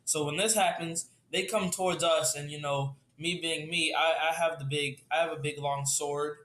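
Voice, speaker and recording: Bright-voiced young man, hesitant storyteller. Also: on the high side, fairly even intonation, moderate pace. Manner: hesitant, filler-heavy, laughs easily. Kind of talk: casual improvised storytelling. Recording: roomy echo.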